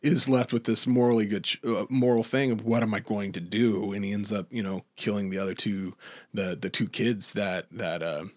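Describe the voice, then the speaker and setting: A man co-hosting a podcast, chatting casually about movies, rambling with lots of restarts and fillers and getting excited as he goes. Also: fairly low pitch, moderate pace. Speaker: podcast co-host.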